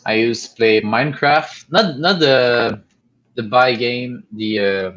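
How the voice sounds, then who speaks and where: Halting young man on a lo-fi mic. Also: medium pitch, a bit bright. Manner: halting, many fillers, blunt. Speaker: podcast co-host. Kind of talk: casual chat. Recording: dull lo-fi home recording.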